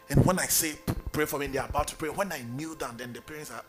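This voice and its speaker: A man's voice: on the high side, rapid-fire, hardly any pauses, over music. A man preaching a sermon as pastor, emphatic and sing-song, calling for amens from the congregation.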